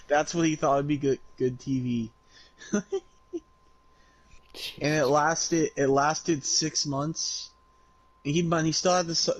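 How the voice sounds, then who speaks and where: A man of middle pitch chats about wrestling on a podcast, filling in backstory for his co-host. He laughs a lot and swears casually. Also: no echo, low-quality recording. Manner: laughing, profane, explains backstory. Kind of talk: casual wrestling recap chat.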